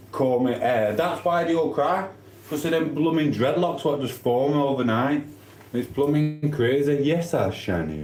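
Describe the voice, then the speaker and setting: A man's voice: medium pitch, darkish tone, a little hiss or hum. A middle-aged man from England with a Sheffield accent, chatting cheekily and rambling as he answers his livestream chat. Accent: Sheffield English. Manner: chatty, cheeky, swears casually. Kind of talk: rambling casual live chat. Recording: echoey room.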